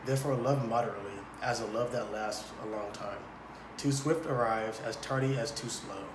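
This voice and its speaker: A man's voice: lowish voice, fairly even intonation, moderate pace, echoey room, background noise, natural voice. A man playing a solemn wedding friar. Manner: solemn recitation, then joking.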